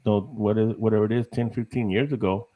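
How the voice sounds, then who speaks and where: A man's voice: on the low side, fairly even intonation, a little fast, warm tone, poor audio. A middle-aged man from Texas, a guest on a podcast, chatting casually in a rambling way, laughing often and saying "you know" a lot. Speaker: guest, paranormal investigator.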